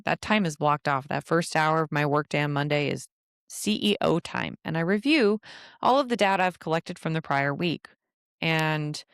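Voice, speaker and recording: A podcast host who also works as a travel advisor runs a solo show, handing out casual business advice in a chatty way, laughing often and tossing in playful asides. Her low-pitched voice is smooth with vocal fry. The studio-quality recording is dry.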